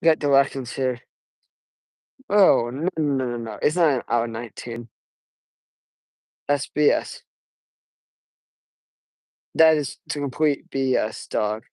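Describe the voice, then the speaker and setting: An eighteen-year-old man vlogging on a casual walk outdoors, talking quietly and rambling with halting restarts, recorded on wireless earbuds. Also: medium pitch, no room sound, rough recording. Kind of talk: casual walking vlog.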